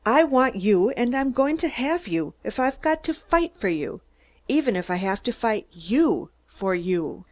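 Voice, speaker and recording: A woman reading as a lovestruck male lawyer with a short temper, shouting his side of a quarrel. The voice carries plenty of force, and the words keep tumbling out in a storybook telling. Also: a little high, sing-song, unhurried, voice pushed up. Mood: angry shouting. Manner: raises voice to shouting. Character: male lawyer narrator in love, hot-tempered.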